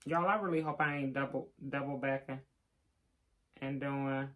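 A woman's voice: extremely low pitch, fairly even intonation, normal speed, pauses often. An older woman, chatting casually on a live stream and reading out viewer names with teasing asides. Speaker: vlogger giving live shout-outs.

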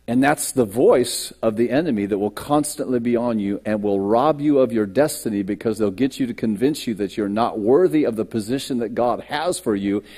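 A man's voice: medium pitch, moderate pace, hardly any pauses, mellow. A man preaching a sermon as a pastor, acting out quoted lines and self-doubt, with stammered restarts. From United States. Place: church sanctuary.

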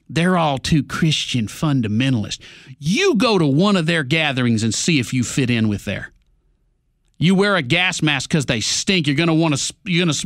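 A man's voice: a little high, fairly bright tone, no room sound, studio quality. A male talk radio host delivering an angry, sarcastic political rant.

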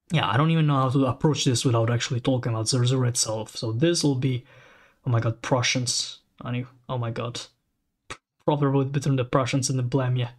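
A man hosting a casual commentary, reading lore aloud and reacting with excited, rambling asides. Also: medium pitch. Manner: excitable, rambling, frequent restarts and exclamations. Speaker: channel host.

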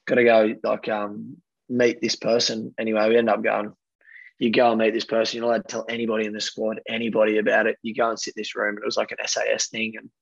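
A man's voice: on the low side, monotone, very fast, gravelly, slightly rough, no echo. An Australian man in his thirties, a guest telling rambling, laughing anecdotes in a casual way. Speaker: guest rugby player. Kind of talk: casual storytelling. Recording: dull, dry lo-fi audio.

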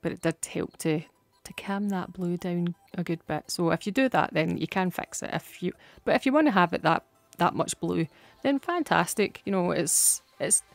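Scottish woman vlogger, casual and giggly, dry close voice with soft music underneath. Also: on the low side, no echo. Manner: chatty and giggly, laughs often. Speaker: nail art vlogger. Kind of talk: casual tutorial chat.

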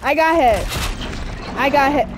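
A woman giving excitable let's-play commentary while gaming, squealing and cheering through the fights. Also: high-pitched, a little slow, noisy background. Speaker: gamer playing a video game. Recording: game music playing behind the voice.

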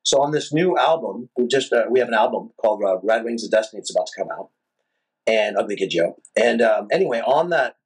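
A rock singer guest telling a long, animated, profane story in a casual interview. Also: male voice, mid-range voice, a little fast, slightly rough, low-quality recording. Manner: animated, profane, rambling anecdotes.

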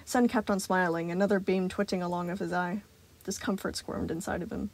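A woman narrating a fan fiction story in a calm, even voice. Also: fairly low pitch, a little fast.

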